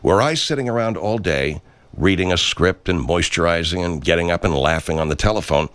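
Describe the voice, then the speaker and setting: A man's voice: low voice, fairly quick, a bit bright, clear, resonant tone, no echo. A man in a studio recording pompous self-help promos in an improvised comedy sketch.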